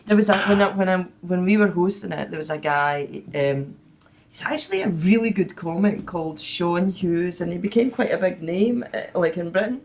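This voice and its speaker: A middle-aged woman hosting a casual podcast and telling stories at a chatty clip, often letting her voice drop and trail away softly. Her pitch sits mid-range, with a faint hiss in the background. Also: lively intonation, normal speed. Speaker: podcast host. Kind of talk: casual chat.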